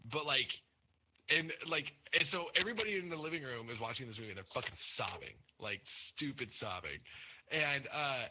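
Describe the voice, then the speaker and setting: A young man hosting a podcast, telling stories in casual chat, swearing often and jumping up in pitch as he acts out other people. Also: background noise. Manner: swears a lot, animated storytelling with pitch jumps. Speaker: podcast host.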